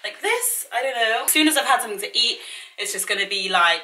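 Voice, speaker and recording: A vlogger in her twenties tries on clothes at home, chatting casually in a dramatic, self-mocking, exasperated way for a try-on haul. Her voice is a little high, animated, quick, pushed, and bright, recorded in an echoey room with the mic at a distance.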